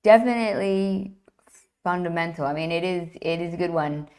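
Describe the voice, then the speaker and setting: A woman with a slightly low voice tells an old myth with lively enthusiasm. She restarts her phrases as she goes. Her delivery is conversational and animated. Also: normal speed. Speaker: guest, classics writer.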